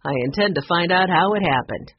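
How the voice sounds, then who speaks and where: A gentle middle-aged man, downcast and worried, speaking in a low, slightly husky voice, as a woman reads him aloud. The recording sounds dull and muffled. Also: a little fast, dry recording.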